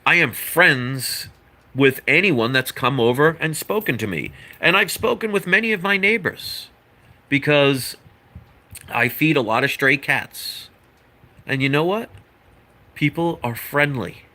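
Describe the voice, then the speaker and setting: Earnest man lecturing in a bright voice. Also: on the high side, animated, a little slow. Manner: earnest, lecturing, rambling with asides. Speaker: vlogger. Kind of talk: opinion monologue to camera.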